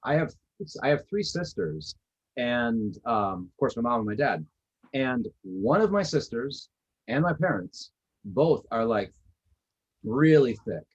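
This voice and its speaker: Husky man from Wisconsin. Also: medium pitch, big pitch swings, unhurried, dull audio. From Northeastern Wisconsin. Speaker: podcast co-host. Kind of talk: casual chat.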